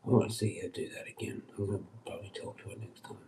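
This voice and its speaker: A man's voice: fairly low pitch, fairly even intonation, fast talker, mellow, in a whisper, rough recording. A man rambling crudely on a livestream, swearing often and slipping into muttered asides. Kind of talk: rambling casual livestream chat.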